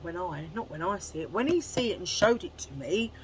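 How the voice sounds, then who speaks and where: A woman chatting casually to camera at home in a chummy way, full of quick asides. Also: on the low side, lively intonation, slight background noise, poor audio. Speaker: haul vlogger.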